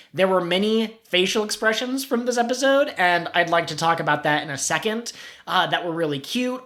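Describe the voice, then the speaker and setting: Low-voiced woman chatting animatedly. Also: a bit bright. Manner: thoughtful, with restarts and light laughs. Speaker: podcast co-host. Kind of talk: casual chat about an anime.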